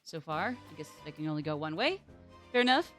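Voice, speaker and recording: Chatty woman streamer, lively voice. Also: deep voice, a little fast, soft background music. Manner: chatty and rambling, with frequent "like" and playful swearing. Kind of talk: casual gameplay commentary.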